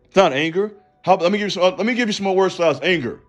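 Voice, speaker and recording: A man's voice: high voice, very fast, faint music behind. A man giving a passionate, preachy commentary monologue on his channel, direct and full of slang. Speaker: YouTube commentator and counselor.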